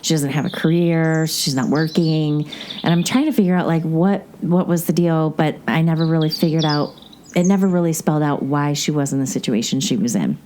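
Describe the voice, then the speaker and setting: A woman's voice: low-pitched, brisk, a little mellow, a little hiss or hum. A woman hosting a podcast, recapping a movie in a rambling, chatty way with many asides. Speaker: podcast host. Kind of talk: casual movie recap chat.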